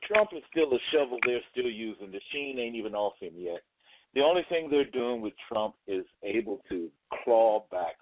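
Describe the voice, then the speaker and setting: A man's voice: lowish voice, animated, brisk, dry recording. Brief: blunt, streetwise male caller, slangy, tinny dry phone line. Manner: blunt, streetwise, slangy, restarts mid-thought. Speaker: caller on a talk radio show. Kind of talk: casual call-in commentary.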